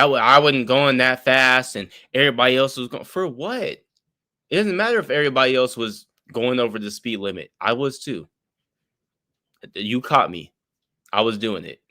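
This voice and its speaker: A man's voice: mid-range voice, animated, moderate pace, bright, forceful tone, no echo, clean studio sound. Blunt man lecturing on a stream. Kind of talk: opinionated commentary on a live stream.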